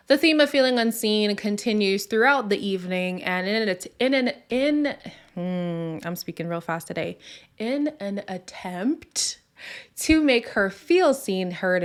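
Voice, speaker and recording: A woman hosting a casual reality TV recap, talking in a sassy, conversational way with quick asides. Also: fairly high pitch. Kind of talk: casual review monologue.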